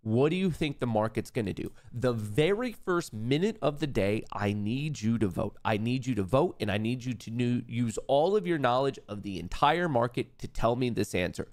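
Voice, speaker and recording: A man hosting a live trading stream, reading out chat votes and yelling in hype when trades win. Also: mid-range voice, expressive, normal speed, hardly any pauses. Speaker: livestream trading host.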